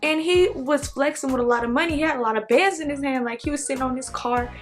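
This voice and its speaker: A young woman from Oklahoma telling a storytime vlog, animated and acting out the voices. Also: high-pitched, fast talker, faint music behind. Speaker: vlogger.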